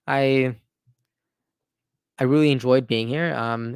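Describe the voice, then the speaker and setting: A man's voice: medium pitch, smooth, no echo, studio quality. Earnest, enthusiastic man live-streaming. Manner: earnest and enthusiastic, with frequent restarts and "right?" tags. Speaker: livestream host. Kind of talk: casual live-stream chat.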